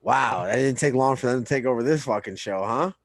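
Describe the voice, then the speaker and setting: A man's voice: mid-range voice, brisk, no room sound. A man co-hosting a podcast, reviewing wrestling in a loose, profane casual chat and often trailing off mid-sentence. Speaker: podcast co-host.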